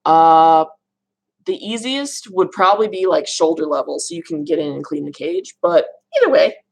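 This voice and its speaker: A woman's voice: deep voice, big pitch swings, moderate pace, vocal fry. A woman chatting casually on a livestream, answering viewers' questions about reptiles and laughing at her own mispronunciations. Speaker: reptile keeper answering live chat questions.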